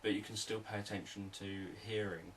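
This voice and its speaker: A man, a hypnotherapist, explaining sales techniques in a calm, repetitive, unscripted teaching talk. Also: on the low side, a little fast, far from the mic, slight background noise, poor audio.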